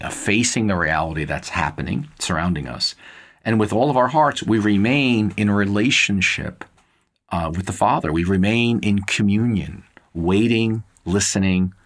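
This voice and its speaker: Low-voiced man preaching earnestly. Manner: earnest, measured, repeats words with filler uhs. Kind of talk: sermon-style Bible teaching.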